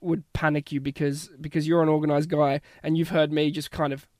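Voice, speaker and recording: A man's voice: on the high side, little pitch movement, brisk, a little mellow, no room sound. Laid-back Australian man, dry close sound. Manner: easygoing, rambling, drops to a mumble. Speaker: guest. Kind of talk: casual chat.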